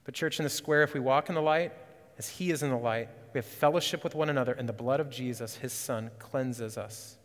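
Urgent and sincere, a male pastor delivers his sermon a little fast, lifting his voice on questions and dropping to a hushed low for emphasis. The sound is that of a big room.

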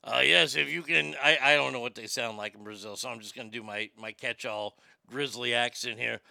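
A man's voice: medium pitch, a little fast, creaky, pushed and bright, dry recording. A man giving a sarcastic, profane comedy rant about a news story and reading chat aloud.

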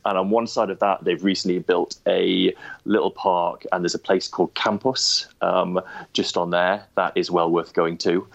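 A Mancunian man talks in a low voice, chuckling and stumbling over his words as a podcast guest. His audio sounds dull and lo-fi. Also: level tone, vocal fry. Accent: Mancunian English. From Manchester, England. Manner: laughs often, halting restarts. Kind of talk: casual chat.

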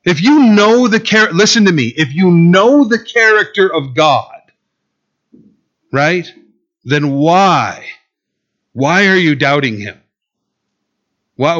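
A man delivers a sermon in a loose, talking style, tossing in sarcastic asides. His voice sits a little high for a man. The recording sounds muffled and lo-fi. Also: fairly bright tone. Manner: conversational preaching, sarcastic asides. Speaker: pastor.

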